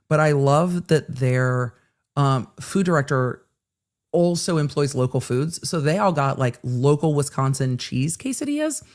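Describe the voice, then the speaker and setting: A woman's voice: a bass voice, a little mellow. Chatty middle-aged woman hosting a livestream. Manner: chatty, rambling, restarts often. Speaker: host. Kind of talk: casual livestream chat reading viewer comments.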